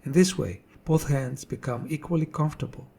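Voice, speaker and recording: A man narrating a scripted drum tutorial in a measured, explanatory way. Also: on the high side, creaky, mellow, breathy edge. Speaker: drum teacher.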